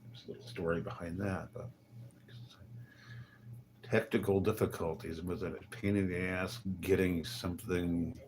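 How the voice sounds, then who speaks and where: Low gravelly man, grumbling livestream monologue. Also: little pitch movement, unhurried, a little mellow, slight background noise. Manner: wry, grumbling, muttering asides with chuckles. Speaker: livestreaming vlogger. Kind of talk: rambling casual livestream monologue. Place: hotel.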